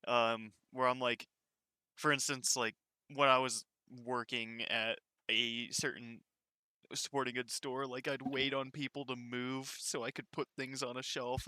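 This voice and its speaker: Bright, stammering young man in chat. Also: mid-range voice, measured pace, smooth, dry recording. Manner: stammering, animated asker. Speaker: podcast co-host. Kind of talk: casual chat.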